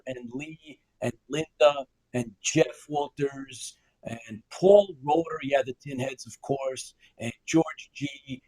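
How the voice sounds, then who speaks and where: A man's voice: medium pitch, no room sound, rough recording. A man hosting a live sci-fi news broadcast, upbeat, greeting viewers by name and laughing often. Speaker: host.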